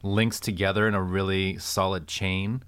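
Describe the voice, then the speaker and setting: A man's voice: sits low, little pitch movement, moderate pace, a bit bright, clear, resonant tone, dry recording. A man talking through scripture in casual conversation, thinking aloud and searching for words. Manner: thoughtful, searching, many fillers like "like". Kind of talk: conversational Bible discussion.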